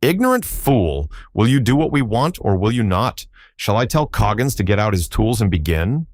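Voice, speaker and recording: A man's voice: low-pitched, animated, normal speed, a little mellow, no room sound, studio quality. A man voicing a sneering, menacing foreign spy villain in an audiobook. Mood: contemptuous. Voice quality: silky, menacing.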